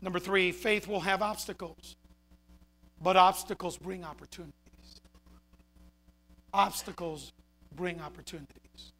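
High-voiced, fiery man preaching. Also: measured pace, pauses often. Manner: animated, shouting for emphasis, then dropping quiet. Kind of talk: sermon.

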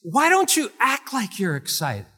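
Man as a demanding older woman teacher, loud, high, pointed questions. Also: wildly swooping pitch, moderate pace, breathy edge, big-room sound, exaggerated voice.

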